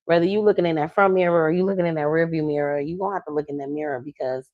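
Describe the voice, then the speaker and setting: A woman who is a love coach and podcast host, chatting casually, telling lively stories and acting out the people she quotes, with slangy talk. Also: low-pitched, very fast, dry recording, narrow, tinny audio. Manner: animated storytelling, acts out quoted people; slangy, conversational.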